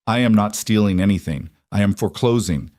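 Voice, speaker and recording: A man reading the lines of a cold, composed young royal woman in a flat, measured tone. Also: lowish voice, dry recording, studio quality, lightly acted.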